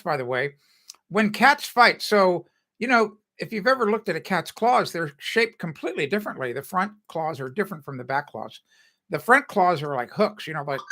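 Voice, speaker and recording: A man's voice: on the high side, pushed and bright. An older man hosting a home improvement live stream, chatting casually and rambling, correcting himself and laughing often. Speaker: home improvement show host.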